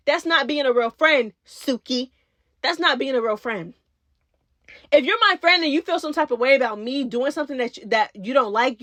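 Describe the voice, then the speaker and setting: Sassy high-voiced woman recapping reality TV. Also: no room sound. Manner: sassy, animated, talks straight to viewers with slangy asides. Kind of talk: casual recap commentary.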